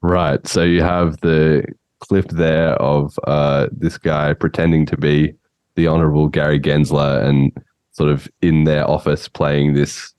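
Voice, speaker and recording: A man's voice: extremely low pitch, level tone, measured pace, darkish tone, clean tone, no echo, lo-fi sound. A man hosting a podcast, chatting casually in a rambling way and laughing often. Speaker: podcast host.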